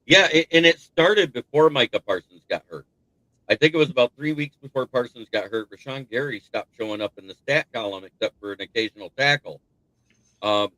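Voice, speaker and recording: A man's voice: mid-range voice, pushed and bright, no room sound, low-quality recording. A man hosting a casual sports talk stream, rambling and thinking aloud as he goes. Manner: rambling, thinks aloud with restarts, laughs at rival team's troubles. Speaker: sports talk show host.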